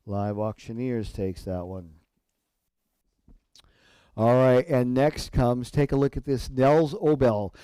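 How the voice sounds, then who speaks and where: A man calls a live auction in a steady, rhythmic patter, repeating numbers as the bids climb. His voice is mellow and middle-pitched. The sound is close and dry, with little room around it. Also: smooth, dry recording. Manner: rhythmic rapid bid calling with repeated numbers. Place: auction gallery.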